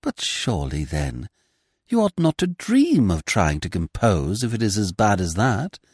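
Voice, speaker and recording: A man's voice: on the low side, wildly swooping pitch, a little slow, darkish tone, slightly rough, no echo, clean studio sound, heavily acted. A man voicing a sentimental middle-aged woman poet who fusses effusively over her companion. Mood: gushing. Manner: effusive, fussy, falsely solicitous.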